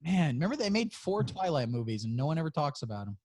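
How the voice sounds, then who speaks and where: A man's voice: a little high, sing-song, quick pace, a little mellow, husky. A man co-hosting a podcast, chatting casually, joking and swearing a lot. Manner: profane, joking, laughs often. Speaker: podcast co-host. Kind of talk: casual chat.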